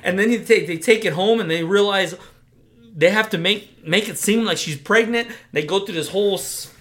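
Excitable profane young man retelling a movie. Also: high-pitched, moderate pace. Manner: excitable, profane, animated storytelling. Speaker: podcast co-host. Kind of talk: casual chat, retelling a horror movie.

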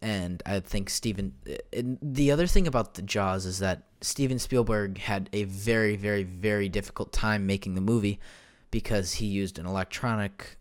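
Young male solo podcast host, lowish voice, loose and rambling, lots of ums and restarts, desk mic at home. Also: normal speed, hardly any pauses. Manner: rambling, many fillers and self-corrections. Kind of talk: casual solo podcast chat. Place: home room. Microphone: desk microphone.

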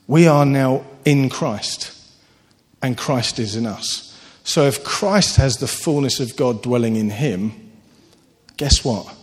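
A man preaching a sermon, earnest and animated, telling stories with sudden lifts in his voice. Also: medium pitch, slow. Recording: long hall reverb.

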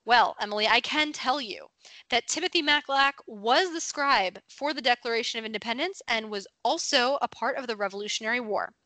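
A woman's voice: fairly high pitch, brisk, bright, forceful tone, no echo. A young adult woman co-hosting a casual podcast, explaining facts in a friendly, informative way and laughing easily. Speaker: podcast co-host.

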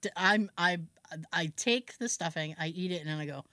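This podcast co-host, a woman with a fairly low voice and moderate pace, shares a family story in relaxed chat, performing relatives' lines and laughing, with many "like" fillers. The recording is dry, with clean studio sound.

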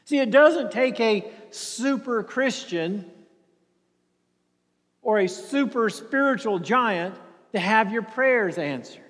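Male preacher, high voice, earnest, repeats himself, hushed at times, long hall reverb. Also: expressive, slow pace. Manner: earnest, repeats words, drops to a near whisper for emphasis. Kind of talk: sermon.

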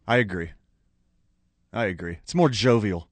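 A man's voice: lowish voice, moderate pace, dry recording. A man co-hosting a studio talk show in casual, wry banter. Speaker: co-host. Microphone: studio mic.

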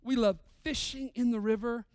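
Pastor in his thirties, male, smooth clear voice, dry close sound, dynamic sermon delivery from loud to hushed. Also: very high voice, fairly even intonation, normal speed, no room sound.

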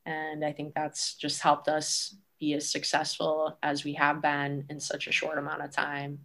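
A woman college coach answering interview questions in a relaxed, thoughtful way, with frequent ums. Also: deep voice, a little slow, vocal fry.

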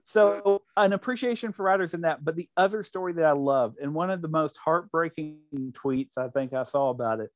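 A man's voice: a little high, fairly quick, hardly any pauses. A man hosting a show in casual chat, retelling anecdotes in a rambling way with lots of restarts.

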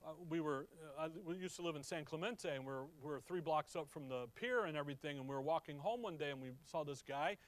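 A man teaching a sermon through a Bible passage, asking the congregation questions and checking that they follow. He swings from emphatic peaks to low, quiet asides. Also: a little fast, few pauses. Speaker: pastor.

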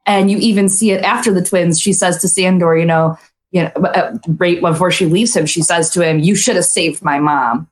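Earnest woman with a low voice. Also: little pitch movement, fairly quick. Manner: explains at length, earnest. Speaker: podcast guest. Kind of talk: casual livestream chat.

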